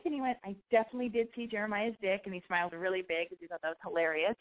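A woman's voice: medium pitch, fairly even intonation, racing, hardly any pauses, phone-quality sound. Rambling woman telling a story, phone-thin sound. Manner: rambling, self-correcting, swears freely. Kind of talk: casual storytelling monologue.

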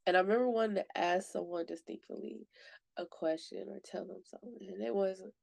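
A woman's voice: mid-range voice, fairly quick, gravelly, a little mellow, no echo. A woman, telling a personal story candidly and emotionally, often saying "like". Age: late 20s. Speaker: podcast guest sharing her story.

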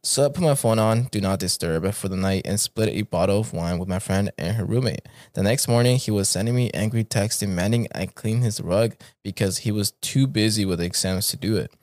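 A man's voice: lowish voice, a little fast, a little mellow, no room sound, studio quality. A man hosting a podcast, reading stories aloud in a laid-back, casual way and swearing freely.

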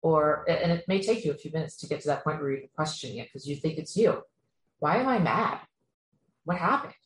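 A woman's voice: low voice, fast. A woman giving an earnest spiritual teaching talk, speaking straight to the listener and often checking in with "okay?". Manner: earnest, repetitive, addresses listener directly with frequent "okay?". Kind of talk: instructional talk to camera. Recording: echoey room with faint ambient noise.

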